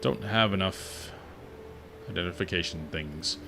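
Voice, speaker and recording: Deep-voiced man casually commenting on gameplay. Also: measured pace, music in the background. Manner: relaxed, chatty, wry asides. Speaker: gaming streamer.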